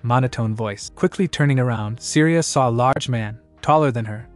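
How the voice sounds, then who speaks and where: A man narrating a fan fiction story in a steady, even reading voice. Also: mid-range voice, normal speed, soft background music. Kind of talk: fan fiction read-aloud.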